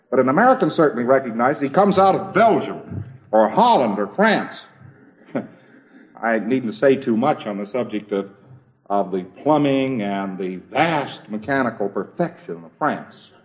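A man with a slightly high voice gives an informal lecture in a wry, conversational manner. He often circles back and repeats phrases as he works through a thought. The recording is dull and lo-fi.

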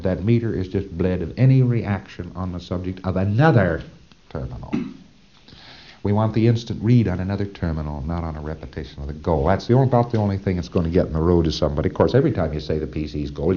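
Low-voiced man lecturing on old tape. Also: animated, fast talker, lo-fi sound. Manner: conversational, emphatic, asks listeners "see?". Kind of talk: recorded training lecture.

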